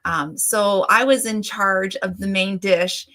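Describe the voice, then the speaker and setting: A woman's voice: medium pitch, fairly even intonation, slow, bright, forceful tone. A middle-aged woman, hosting a casual livestream and greeting viewers by name in a chatty way. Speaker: livestream host. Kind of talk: casual live chat.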